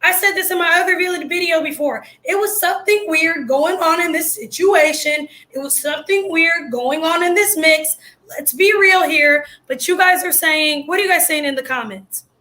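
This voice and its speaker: A woman with a high, bright, sharp voice gives blunt, slangy commentary on the news. She sounds excitable and a little strained, as if she is losing her voice. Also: normal speed. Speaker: video host commenting on news. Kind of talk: casual live commentary.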